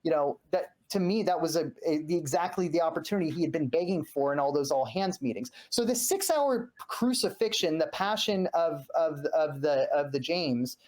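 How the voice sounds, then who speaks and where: A man speaking as a podcast guest, telling an animated story full of acted-out quotes and frequent restarts. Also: a little high, normal speed, few pauses. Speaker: guest, former journalist. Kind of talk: heated podcast conversation.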